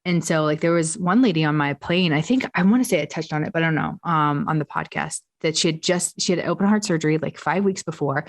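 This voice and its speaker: A woman co-hosting a casual chat podcast, telling stories in an animated way and acting out the exchanges. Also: low voice, fast talker, hardly any pauses. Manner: animated storyteller, acts out quoted exchanges. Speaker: podcast co-host.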